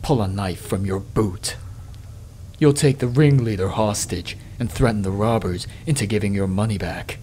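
A man hosting a let's play, reading game text aloud in a measured, dramatic way and adding his own commentary. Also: darkish tone, slight background noise. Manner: measured dramatic reading, dropping low and slow on ominous lines.

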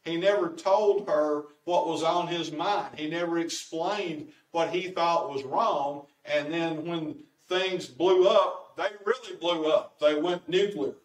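A man's voice: on the high side, takes it slowly, few pauses. A man preaching a folksy, homespun sermon with joke stories. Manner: homespun, storytelling. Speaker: pastor. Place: church sanctuary. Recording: echoey church from far off.

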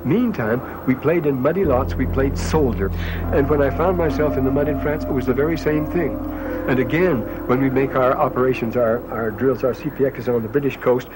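A man's voice: mid-range voice, fairly quick, background noise. Older man telling war stories. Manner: animated storyteller, chuckles while talking. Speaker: interviewee. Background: music score.

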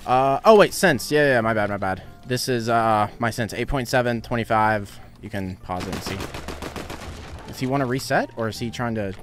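A man's voice: mid-range voice, moderate pace, fairly bright tone, faint music behind. Chatty young man streaming a game. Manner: chatty, laughs often, reads donations aloud. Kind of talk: casual live-stream chat while gaming.

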